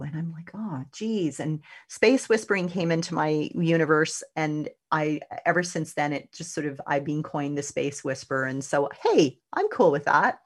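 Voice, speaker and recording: A middle-aged woman with a low voice hosts a radio show. She talks to her listeners in a loose, chatty way, laughing now and then and letting out lively exclamations. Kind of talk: casual motivational talk.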